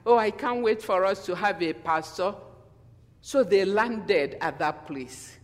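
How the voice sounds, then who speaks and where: A man preaching a sermon in a church, animated and acting out quotes in different voices, often asking the congregation questions. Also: high voice, slow. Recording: long hall reverb.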